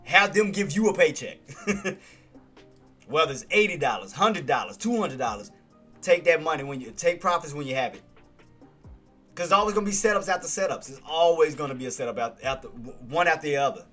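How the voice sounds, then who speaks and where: A man recapping trades on a casual livestream, talking to his viewers and giving them repeated, excited shout-outs over music. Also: fairly high pitch, brisk. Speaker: stock trading streamer.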